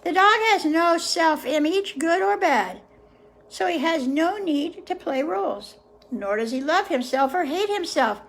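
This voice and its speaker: A woman hosting a session where she reads a book aloud to viewers, pausing often in a gentle, unhurried way to muse on the passages. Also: very high voice, animated. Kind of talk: reading aloud with casual reflections.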